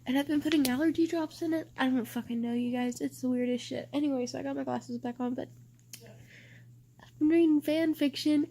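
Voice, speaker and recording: A woman's voice: sits high, steady tone, brisk, vocal fry, mellow, slight background noise. A young woman book vlogger talking casually to her viewers, ranting and swearing freely. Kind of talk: casual reading vlog.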